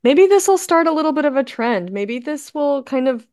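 A woman's voice: sits high, lively intonation, normal speed, darkish tone. A woman co-hosting a podcast, chatty and agreeable in casual conversation. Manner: agreeable, chatty, laughs easily. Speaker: podcast co-host. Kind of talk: casual chat.

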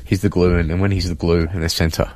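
Deep-voiced earnest man. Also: flat delivery, darkish tone, no echo. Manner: earnest, halting with many fillers. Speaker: interview guest, son of the guest. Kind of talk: emotional testimony, reading a letter aloud. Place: radio studio.

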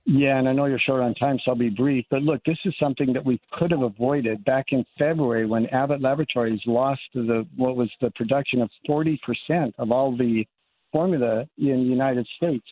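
A man's voice: medium pitch, steady tone, a little fast. An older man, a congressman, speaking earnestly as a guest in a radio interview by phone. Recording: tinny phone line.

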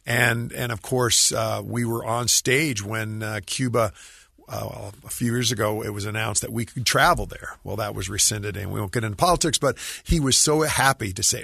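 Low gravelly-voiced man, earnest talk. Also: moderate pace, bright, forceful tone, no echo, studio quality. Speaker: musician guest. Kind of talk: casual interview talk.

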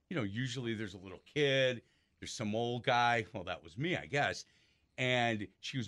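A man's voice: mid-range voice, expressive, normal speed, a bit bright, dry recording. A man hosting a sports radio talk show, chatty and self-deprecating as he tells stories. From Milwaukee area.

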